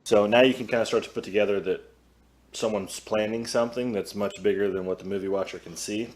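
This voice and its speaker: Low-voiced man musing in an echoey room. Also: fairly even intonation, fairly quick. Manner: hesitant, filler-heavy musing. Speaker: podcast co-host. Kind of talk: casual chat.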